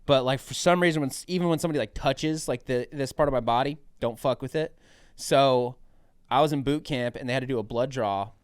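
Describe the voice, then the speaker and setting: A young man from New Mexico, a comedian guest, telling lively profane stories in casual podcast chat and acting out other people's voices. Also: medium pitch, brisk, smooth, no room sound, clean studio sound. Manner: animated, swearing, acts out other people's voices.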